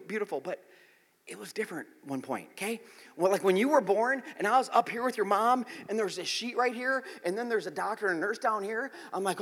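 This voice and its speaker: A man preaching a lively sermon in a church, swinging between loud calls and hushed asides. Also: high voice. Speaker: pastor. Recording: echoey church hall.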